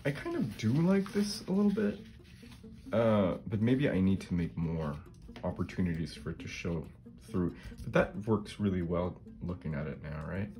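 A middle-aged collage artist hosts a casual craft demonstration on his channel, thinking aloud as he works and often ending remarks with a questioning "right?". His voice sits low and sounds dark and expressive, at a moderate pace, with faint music behind.

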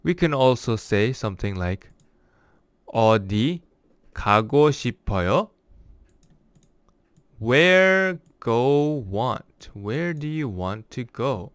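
A man giving a casual language lesson, explaining phrases word by word and slowing down for examples. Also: lowish voice, animated, no room sound. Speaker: language teacher.

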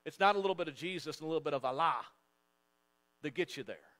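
A male pastor preaching a sermon in church, emphatic and repetitive, swinging between loud and hushed. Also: fairly high pitch, expressive, quick pace. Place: church sanctuary.

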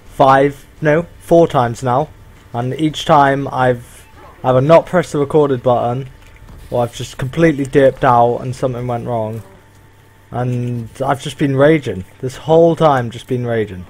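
A man's voice: mid-range voice, a little slow, a little mellow. A young man ranting and swearing through live commentary as he plays an online shooter. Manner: frustrated, ranting and swearing at lag. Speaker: gaming channel host.

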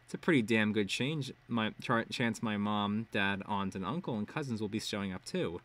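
A man's voice: lowish voice, moderate pace, fairly bright tone, lightly acted. A man voicing a blunt, hot-tempered teenage superheroine in a read-aloud web serial. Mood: threatening. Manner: blunt, threatening.

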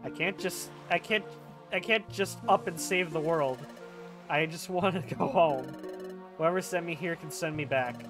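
A man's voice: on the high side, a little fast, few pauses, close to an everyday voice. A man voicing a frightened young man turned into a Pokemon, anxious and pleading, with game music behind. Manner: anxious, pleading, self-doubting.

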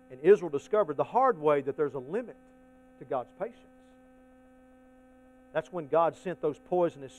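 Brief: high-pitched male pastor, folksy delivery, alternates quiet asides with loud emphatic preaching. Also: a little hiss or hum, rough recording. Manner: folksy, addresses the congregation as y'all. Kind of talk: sermon.

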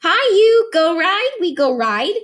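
A woman voicing an excited toddler girl who talks in short, babyish phrases. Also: very high-pitched, takes it slowly, pitched above the performer's own voice, full character voice.

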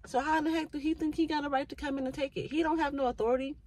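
This mother's high-pitched voice holds a steady tone with a darkish quality as she races along, sharing heartfelt, somewhat preachy thoughts on faith and family. It's a casual reflection captured on poor audio.

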